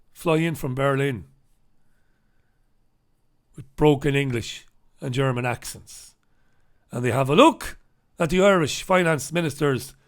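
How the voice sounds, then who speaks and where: Male host, opinionated newspaper rant, sarcastic and profane; slightly high, sharp tone. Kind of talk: newspaper review broadcast.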